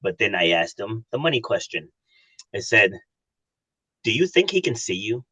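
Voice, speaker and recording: Bright-voiced man, earnest coach. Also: lowish voice, big pitch swings, moderate pace, breathy edge, no echo, poor audio. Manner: earnest storyteller, acts out dialogue. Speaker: coach and podcast guest. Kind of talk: casual interview chat.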